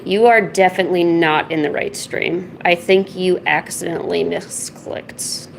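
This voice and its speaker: Woman streamer chatting and scolding her cat, bit of vocal fry, faint hiss behind. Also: fairly low pitch, fairly even intonation, a little slow, low-quality recording. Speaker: art streamer. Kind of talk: casual chat while streaming.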